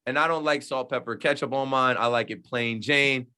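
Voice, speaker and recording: A man from the New Jersey shore who hosts sports radio chats casually on a podcast, speaking with emphasis and acting out the people he quotes in lively voices. His voice is medium in pitch, smooth, and moves at a moderate pace.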